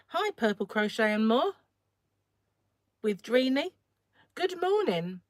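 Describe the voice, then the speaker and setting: A croaky woman hosting a casual crochet livestream from home, chatting and rambling while she works and often clearing her throat. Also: a little high, big pitch swings, slow, pauses often, dry recording. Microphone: phone.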